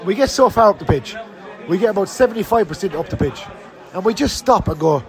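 A man with a notably high voice rants bluntly after a match, swearing freely and sounding fed up. A faint crowd murmurs behind him. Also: animated, quick pace. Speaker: fan podcast host. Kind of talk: post-match fan rant. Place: outdoors and in a bar around the match.

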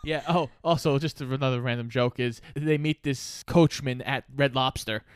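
A woman's voice: very deep voice, moderate pace, clean tone, no room sound. A woman co-hosting a casual podcast, adding dry quips and short comments to a movie recap. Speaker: podcast co-host.

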